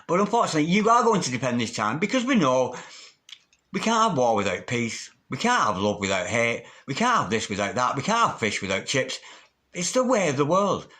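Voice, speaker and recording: A man's voice: medium pitch, big pitch swings, fairly quick, sharp tone. A man giving a tarot reading in a theatrical, sing-song manner, calling the listener darling. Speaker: tarot reader.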